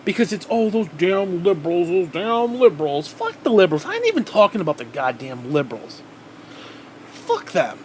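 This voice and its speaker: A man's voice: on the high side, slight background noise. A man ranting angrily to his viewers, swearing constantly and restarting his sentences as he goes. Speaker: vlogger. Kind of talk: angry profane rant to camera.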